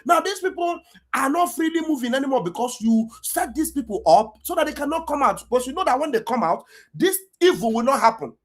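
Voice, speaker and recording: An online political commentator with an Igbo Nigerian accent delivers an impassioned, accusatory rant, sounding fiery and raising her voice at times. Her high voice swings widely in pitch and moves at a brisk pace.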